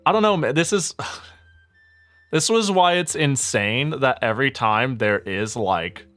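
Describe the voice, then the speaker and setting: A man streaming and chatting casually, ranting with lots of swearing and quick laughs. His voice sits at a middle pitch, and faint music plays behind him. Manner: profane, animated ranting with frequent laughs. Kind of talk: casual gaming stream chat.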